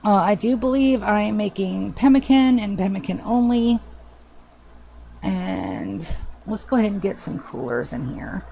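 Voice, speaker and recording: A woman's voice: mid-range voice, sing-song, a little slow, vocal fry, dark tone, slight background noise. A woman streaming a game live, chatting casually and swearing freely with a self-mocking, sarcastic manner. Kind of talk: casual live gameplay chat.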